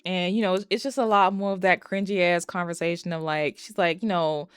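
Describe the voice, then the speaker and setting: A woman's voice: fairly low pitch, steady tone, fairly quick, clean tone, dry recording, studio quality. A woman recapping a movie plot in a casual, chatty way, swearing freely and throwing in exasperated asides. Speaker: movie reviewer.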